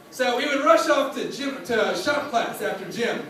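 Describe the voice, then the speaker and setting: A man telling a funny story to a live audience, animated and laughing, acting out other people's voices. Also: very high voice, moderate pace, hardly any pauses, distant mic, slight background noise. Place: stage before a live audience. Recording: echoey hall, voice from off mic.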